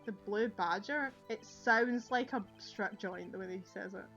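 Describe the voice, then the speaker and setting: A woman's voice: medium pitch, moderate pace, a bit bright, muffled recording, soft background music. A woman with a Scottish accent giving chatty, sweary commentary on a game she is playing. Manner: chatty, swearing, laughing asides. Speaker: game streamer. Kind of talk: casual playthrough commentary.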